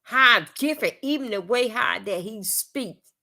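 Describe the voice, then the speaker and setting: A woman's voice: fairly high pitch, animated, unhurried, pushed and bright. Blunt Floridian woman ranting on a live stream. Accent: Southern US (Florida). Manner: blunt, profane, heated, rambling repetitions. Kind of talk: live-stream commentary rant.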